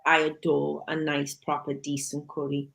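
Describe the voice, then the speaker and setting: A woman co-hosting a casual chat show, asking guests questions and chiming in with quick agreement. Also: deep voice, monotone, vocal fry, fairly bright tone. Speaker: co-host.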